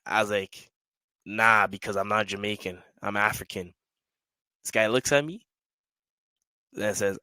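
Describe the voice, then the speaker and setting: A man's voice: lowish voice, unhurried, long pauses, dry recording. A young man hosting a casual solo talk, rambling through street stories in slangy speech and acting out the voices of people he met. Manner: slangy, rambling, animated storyteller; acts out quoted voices in the stories. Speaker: podcast host.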